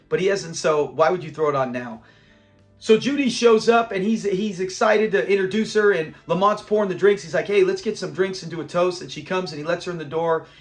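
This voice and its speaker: A man hosting a casual review of a sitcom episode, retelling scenes in an animated way, quoting characters and laughing often. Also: high voice.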